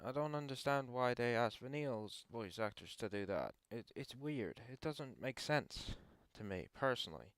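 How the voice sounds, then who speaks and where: Hesitant young man, smooth dry voice. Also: medium pitch, animated, normal speed, hardly any pauses, a bit bright, no room sound. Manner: hesitant, frequent ums and restarts. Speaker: channel host answering viewer questions. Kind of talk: casual opinion talk to camera.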